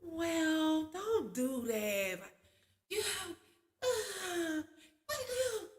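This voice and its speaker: A woman voicing her soft, tearful, motherly inner self, pleading and faltering through sobs. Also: very high-pitched, very animated, very slow, roomy sound, voice pushed up, exaggerated voice. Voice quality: crying, faltering. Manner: hesitant, pleading, trailing off.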